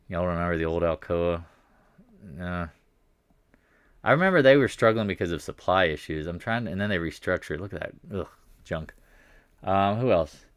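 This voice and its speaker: Low-voiced excitable man recapping markets. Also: no echo. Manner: excitable, rambling, jumps between thoughts. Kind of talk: casual live stream commentary.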